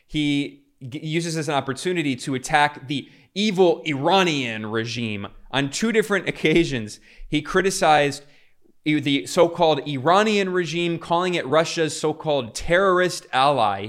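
A man's voice: fairly high pitch, moderate pace, fairly bright tone. A man giving fervent political commentary, talking through clips with frequent restarts. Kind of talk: casual commentary over clips.

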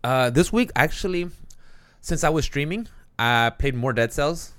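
An easygoing man chatting on a casual podcast. He is talkative and relaxed and quick to join in a joke, with a mid-pitched voice. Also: clean tone. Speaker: podcast co-host. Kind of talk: casual chat.

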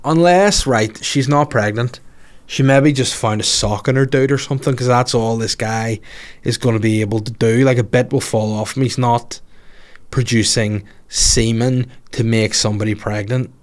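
A man's voice: medium pitch, fairly even intonation, normal speed. A man hosts a podcast in a loose, casual way. He jokes irreverently and swears freely while reading out listener stories, in an ordinary mid-range voice. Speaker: podcast host.

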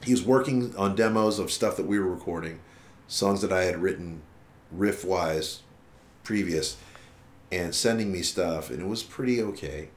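At normal speed and with a low voice, a musician guest tells a lengthy story in a casual interview recorded in an echoey room. He swears a lot and animatedly voices what other people said.

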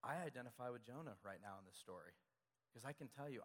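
A male pastor delivers a sermon in a relaxed, conversational way, circling back to the same key phrase again and again. His voice sits at an ordinary male pitch, and the long reverb of a large church hall trails behind each phrase. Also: fast talker.

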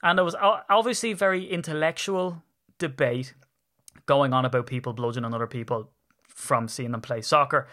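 A man's voice: medium pitch, fairly bright tone. A man with an Irish accent, hosting a podcast in rambling, jokey casual chat. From Ireland. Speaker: podcast host.

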